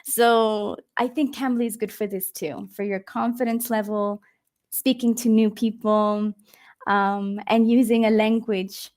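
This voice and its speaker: A woman with an Australian accent, an English tutor chatting casually on a video call, laughing often and filling pauses with ums. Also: medium pitch, flat delivery, a little mellow.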